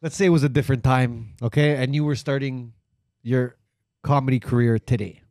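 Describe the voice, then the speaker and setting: A man hosting a casual podcast, relaxed, laughing along and asking questions. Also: medium pitch, fairly quick, no echo, studio quality. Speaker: podcast host. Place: podcast studio.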